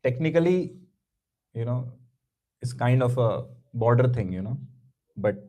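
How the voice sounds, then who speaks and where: A man's voice: mid-range voice, animated, measured pace, dark tone, rough recording. A man teaching a scripture class, telling a story conversationally with many asides and chuckles. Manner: conversational, lots of "you know", chuckling.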